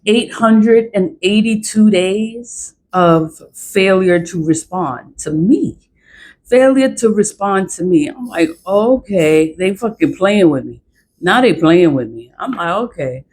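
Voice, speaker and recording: A woman's voice: mid-range voice, lively intonation, takes it slowly, a little mellow, a little hiss or hum, low-quality recording. A woman ranting in a vlog, profane, exasperated and repetitive. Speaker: vlogger.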